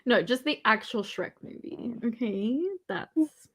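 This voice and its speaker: A woman co-hosting a casual chat, animated and teasing, laughing often. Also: a little high, takes it slowly. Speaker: podcast co-host.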